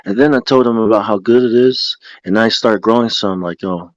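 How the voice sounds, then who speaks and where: A man chatting casually on a podcast, laid-back and quick to laugh, using relaxed slang. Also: lowish voice, dry recording, dull audio. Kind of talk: casual chat.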